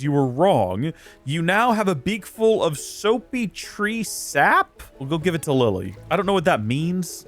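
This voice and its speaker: A let's play host narrates his video game play with plenty of joking exasperation and rambling asides. His fairly high voice bounces around a lot in pitch, and faint game music plays underneath.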